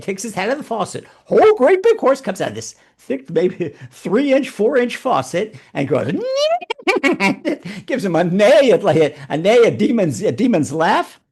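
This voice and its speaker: A man telling a religious fable and drawing its lesson, animated and prone to repeating words. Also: sits high, vocal fry, husky. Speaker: rabbi storyteller.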